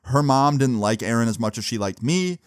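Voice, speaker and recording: A man's voice: mid-range voice, lively intonation, moderate pace, clean tone, no echo, clean studio sound. A young man telling a personal story in a casual, chatty way, with lots of fillers and swearing.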